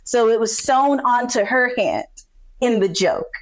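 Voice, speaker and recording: A woman's voice: fairly high pitch, expressive, measured pace. A woman hosting a podcast in casual chat, candid, swearing freely and laughing often. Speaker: podcast host.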